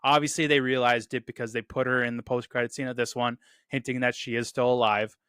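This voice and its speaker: Man, film review host, bright crisp voice, dry close sound, enthusiastic casual talk. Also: medium pitch, flat delivery, fast, no echo. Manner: enthusiastic, repeats "really, really"; quotes lines in a loose put-on delivery.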